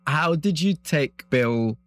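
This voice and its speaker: A man's voice: fairly high pitch, expressive, slow, soft background music. A man interviewing a guest, asking curious, reflective questions.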